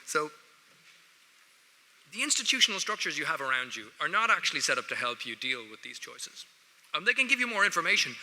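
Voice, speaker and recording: A man's voice: mid-range voice, pushed and bright. Wry Irish man speaking in a hall. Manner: wry, joking, addresses the audience directly. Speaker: guest speaker at a student award ceremony. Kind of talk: humorous ceremony speech. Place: large ceremony hall. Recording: echoey large hall.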